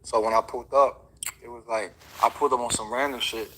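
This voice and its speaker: A man's voice: mid-range voice, fairly even intonation, brisk, bright, forceful tone, husky, low-quality recording. A man, a boxer, telling a story in a casual, slangy, rambling way with many fillers. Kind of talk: casual interview chat.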